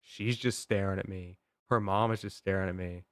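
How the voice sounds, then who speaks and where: Rambling young man, low and dry. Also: fairly even intonation, moderate pace, fairly bright tone, clean tone, dry recording. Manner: rambling, full of "like" and "um" fillers. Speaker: podcast host. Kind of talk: casual storytelling.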